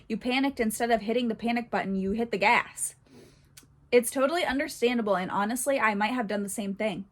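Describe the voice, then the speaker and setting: A woman hosting a horse channel, reading online posts aloud and commenting in a chatty way, often breaking into laughter. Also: a little high.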